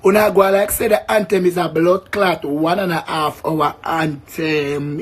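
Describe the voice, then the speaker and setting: This vlogger from Jamaica has a voice on the high side, with flat delivery and a measured pace. In a Jamaican accent he rants casually to viewers, brash and full of boasting, with plenty of swearing.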